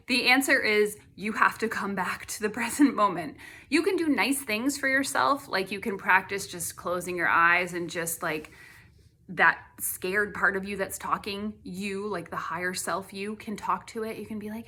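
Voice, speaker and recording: A middle-aged woman artist talking casually to camera, chatty with many fillers, sometimes dropping to a soft hush. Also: mid-range voice, moderate pace. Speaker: artist and host.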